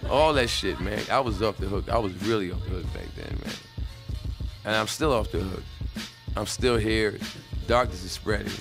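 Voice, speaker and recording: A man's voice: fairly low pitch, moderate pace. A man hosting a podcast, chatting in a laid-back, drawling way. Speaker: podcast host. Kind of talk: casual chat. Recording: music playing behind.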